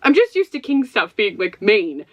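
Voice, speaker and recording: A woman's voice: medium pitch, sing-song, normal speed, highs cut off. Bubbly, chatty woman book vlogger. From Ohio, USA. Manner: chatty and bubbly, laughs often. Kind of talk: casual chat to camera.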